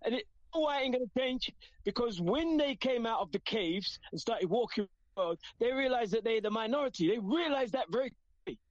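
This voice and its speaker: An impassioned male caller on a radio talk show, his voice pitched high for a man. He speaks with a preacher's emotional drive. The line is muffled and dry. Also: lively intonation, fairly quick, no room sound. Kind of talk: call-in radio discussion. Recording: dull phone line.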